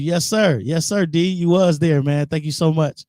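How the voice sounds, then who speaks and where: A man's voice: on the high side, measured pace, darkish tone, dry recording, clean studio sound. A man guest-hosting a live internet radio show, chatting casually and reading out viewer comments. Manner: laid-back, reads out viewer comments. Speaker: guest host.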